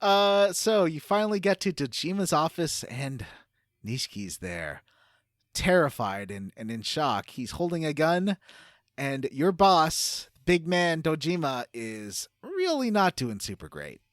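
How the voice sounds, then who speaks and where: With a fairly high, fairly bright voice and big pitch swings, this podcast co-host talks unhurriedly about a game's story, padding it with fillers and laughing frequently. The recording is dry and clean, with a studio sound.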